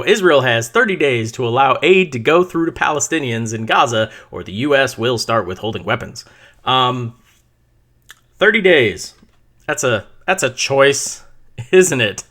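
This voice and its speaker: Animated, bright-voiced male podcast host. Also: a little high. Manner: animated storytelling, swears freely, many restarts. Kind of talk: casual solo podcast monologue.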